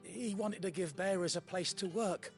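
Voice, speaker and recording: An actor playing a grateful, courteous vineyard keeper in a fantasy video game. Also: male voice, sits high, normal speed, faint music behind. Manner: earnest, courteous. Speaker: vineyard worker thanking the hero.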